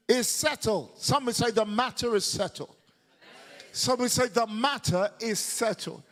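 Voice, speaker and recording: A man preaching a lively sermon to a church congregation, shouting and leading call-and-response. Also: high voice, unhurried.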